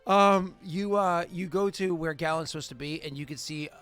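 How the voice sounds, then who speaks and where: Chatty game master man, slightly high voice. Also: normal speed, fairly bright tone, clear, resonant tone. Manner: rambling, self-correcting, laughing often. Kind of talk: narrating a tabletop game.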